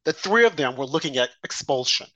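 A man's voice: mid-range voice, expressive, brisk, sharp tone, no echo. A man hosting a political talk show, speaking emphatically and repeating his points. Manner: emphatic, repetitive, indignant. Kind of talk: political commentary.

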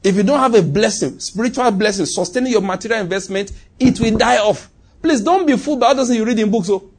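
A husky, somewhat high-pitched man preaches a sermon. He hammers points home by repeating phrases, swinging from loud declarations to low, quiet asides. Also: fast. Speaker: pastor.

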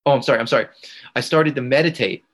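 Crowd noise sits behind this fast-talking, medium-pitched man. As an integration coach being interviewed on a podcast, he tells his own story earnestly, repeating phrases for emphasis.

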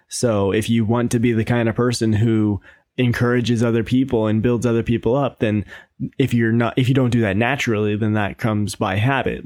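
A man's voice: lowish voice, darkish tone, no echo. A man co-hosting a podcast in casual chat, with dry, sarcastic humor. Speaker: podcast co-host.

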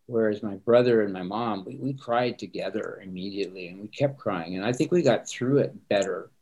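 A man's voice: fairly low pitch, a little fast, a little mellow. A middle-aged man, a pastor, speaking earnestly and reflectively in a conversation, often repeating words as he starts sentences. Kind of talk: conversational interview answers.

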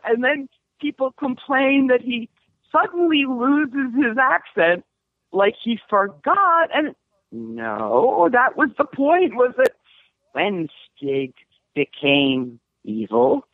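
A woman screenwriter talking candidly in an interview, lively and laughing, her voice jumping high when she gets animated. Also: takes it slowly, no echo. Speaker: screenwriter guest. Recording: tinny phone-like line.

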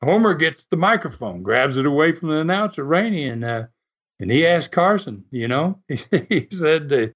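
A man's voice: on the high side, lively intonation, normal speed, a bit bright. A man, a former wrestler, telling a story in a folksy, laughing way with many fillers. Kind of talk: casual storytelling. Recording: slightly muffled recording.

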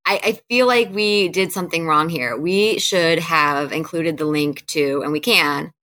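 Bright low-voiced woman podcaster. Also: a little slow, no room sound. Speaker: podcast co-host. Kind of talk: casual chat and read sponsor message.

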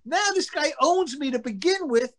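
He's an ex-pitcher sharing easygoing baseball tales at a normal speed. His delivery is lively, with impressions of teammates' lines and offhand swearing.

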